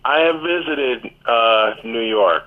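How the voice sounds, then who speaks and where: A man, a sportscaster guest, talking in a measured, knowledgeable, matter-of-fact way over a tinny phone line. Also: medium pitch. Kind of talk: casual podcast interview.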